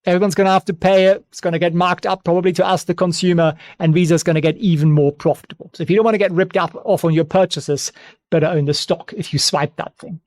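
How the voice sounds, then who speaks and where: Excitable man hosting a stock channel. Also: high-pitched, quick pace, no room sound. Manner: excitable, joking asides, frequent repeats. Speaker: investing channel host. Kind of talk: casual stock analysis commentary.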